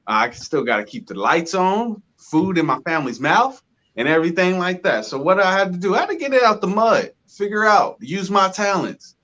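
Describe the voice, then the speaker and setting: A young man co-hosting a casual talk show, telling his own story in an animated, emphatic way and speaking straight to the people he means. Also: sits high. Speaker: podcast co-host. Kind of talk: casual chat.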